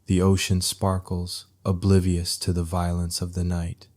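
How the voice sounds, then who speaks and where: A man narrating a soothing sleep story in a very deep, hushed voice. He speaks slowly, with barely any lift in pitch. His delivery stays soft and even.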